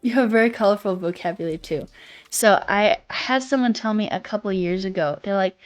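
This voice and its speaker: Young woman, soft childlike voice, a bit under the weather, casual streamer banter. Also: medium pitch, fairly quick. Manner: reads chat aloud, swears casually, sings snatches. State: a little sick. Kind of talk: casual chat with live chat.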